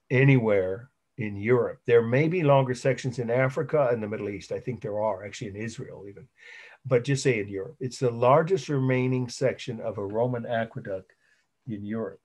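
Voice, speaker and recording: A man's voice: medium pitch, moderate pace, a little mellow. A middle-aged man giving a college art history lecture, rambling and correcting himself, spelling out terms letter by letter. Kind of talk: recorded online lecture.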